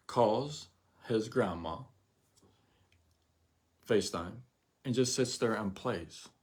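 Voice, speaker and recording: A man hosting a casual motivational livestream, animated and rambling, repeating himself and acting out what people say. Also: fairly low pitch, creaky, husky. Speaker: live show host.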